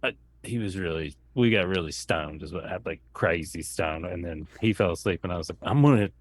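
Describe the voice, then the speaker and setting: A comedian telling a long rambling anecdote in casual chat, acting out what people said. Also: male voice, deep voice, a little fast, a little hiss or hum. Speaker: comedian guest.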